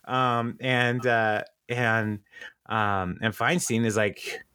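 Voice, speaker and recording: A man's voice: medium pitch, fairly even intonation, drawn-out words, sharp tone, clear, resonant tone, no echo, clean studio sound. A man co-hosting a podcast, casually recapping a TV episode with many ums and frequent laughs. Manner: rambling, many ums and uhs, laughs often. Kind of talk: casual chat.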